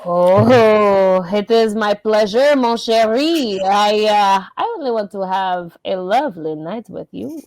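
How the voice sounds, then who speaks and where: A woman's voice: mid-range voice, slow, hardly any pauses, darkish tone, no echo, low-quality recording. A woman voicing a flirty French male art gallery owner with a hammy put-on French accent. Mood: smooth flirting. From Montreal. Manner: hammy, playful.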